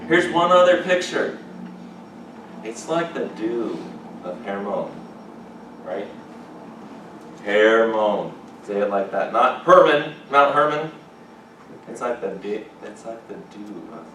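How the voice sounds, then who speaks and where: Male chapel preacher, animated and exclamatory, lowish voice, distant mic, noisy echoing hall. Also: unhurried, long pauses. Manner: animated, rising to excited exclamations. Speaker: chapel speaker. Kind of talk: lively chapel sermon. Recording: echoey hall from far off, background noise.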